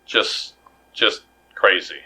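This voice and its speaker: A man's voice: drawn-out words, bright, forceful tone, rough recording. A man co-hosting a podcast in casual chat, rambling and jokey with many restarts. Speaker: podcast co-host.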